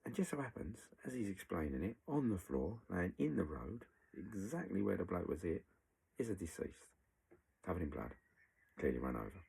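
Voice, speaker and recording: Gravelly low-voiced man telling a story. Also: moderate pace, poor audio. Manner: blunt, animated retelling with acted quotes and swearing. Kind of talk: storytelling recollection.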